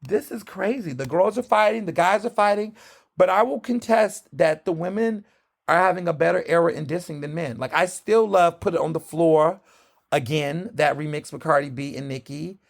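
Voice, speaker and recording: A man hosting a solo podcast in a casual, animated, gossipy way, full of sassy asides. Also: on the high side, moderate pace, gravelly. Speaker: podcast host.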